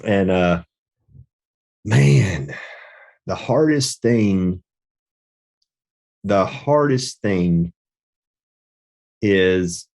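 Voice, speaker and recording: Deep-voiced man hosting a podcast. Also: expressive, extremely slow, creaky, pauses often, a little mellow. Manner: rambling, reflective storytelling with frequent restarts. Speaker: podcast host. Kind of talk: casual podcast conversation.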